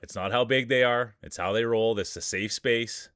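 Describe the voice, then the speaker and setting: A man's voice: medium pitch, normal speed, a bit bright, clear, resonant tone, no echo, studio quality. A man hosting a live stream of marble races, commentating in playful, jokey announcer patter.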